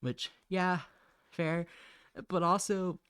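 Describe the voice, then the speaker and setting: A man's voice: high-pitched, level tone, takes it slowly, a bit bright, clear, resonant tone, no echo, clean studio sound. A man chatting casually on a live stream while he draws. He rambles, mutters to himself, and laughs often.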